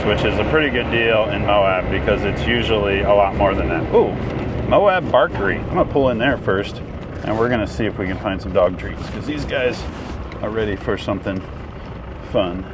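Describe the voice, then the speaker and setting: A man's voice: mid-range voice, heavy background noise. A man chatting casually to camera on a road trip vlog, rambling and upbeat. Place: in a truck and outdoors.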